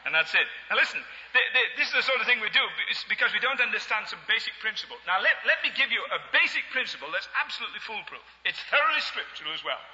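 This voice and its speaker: Lively, bright-voiced man preaching. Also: sits high, long reverb tail, highs cut off. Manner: humorous, animated, chuckling asides. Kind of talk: sermon.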